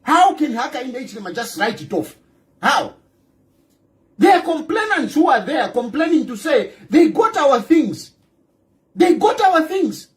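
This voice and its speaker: A man with a Zambian accent rants about politics in a fierce, animated voice that swings up and down. He drives each point home by repeating himself and throwing rhetorical questions at the listener, and he slips local-language phrases in among the English. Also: very high-pitched. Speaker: political commentator. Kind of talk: ranting monologue.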